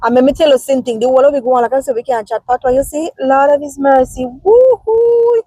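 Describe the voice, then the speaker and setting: Chatty Jamaican woman vlogger, high voice. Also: rapid-fire, dry recording, low-quality recording. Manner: chatty, animated, answering comments directly. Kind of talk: casual talk to viewers.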